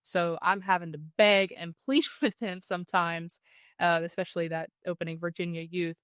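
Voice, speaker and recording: A woman, a podcast guest telling a hunting story in a casual, animated way. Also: on the low side, moderate pace, smooth, dry recording.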